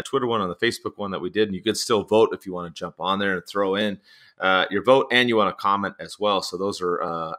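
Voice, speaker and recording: A man hosts a casual sports podcast, his lowish voice bright and forceful. He talks in a chatty, animated way, spinning his news into stories. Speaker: podcast host.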